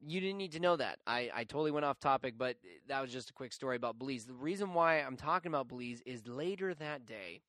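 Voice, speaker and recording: A young man hosting a podcast, telling a story in a chatty, animated, self-mocking way with lots of fillers. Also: mid-range voice, fast, hardly any pauses, no room sound, studio quality. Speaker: podcast host. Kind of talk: casual storytelling.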